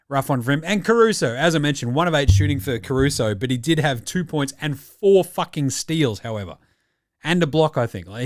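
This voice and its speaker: A man's voice: mid-range voice, dry recording, studio quality. An Australian man hosting a casual sports reaction podcast, talking in a blunt, jokey, profane way. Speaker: podcast host.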